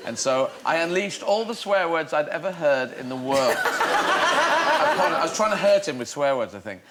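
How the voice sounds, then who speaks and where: A man's voice: a little high, very animated, normal speed, heavy background noise. A middle-aged man, a comedian guest on a chat show, telling rambling stories playfully and laughing often. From England.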